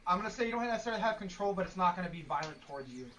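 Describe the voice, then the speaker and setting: Relaxed game master, set back from the mic. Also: medium pitch, far from the mic, slight background noise. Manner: relaxed, easygoing rulings with quick asides. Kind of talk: running a tabletop game.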